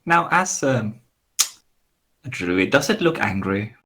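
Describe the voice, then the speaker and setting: Brief: playful man, bright tone, drawn-out delivery. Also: on the low side, very animated, slight background noise. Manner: teasing, playful. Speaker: player. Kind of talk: casual chat at a game table.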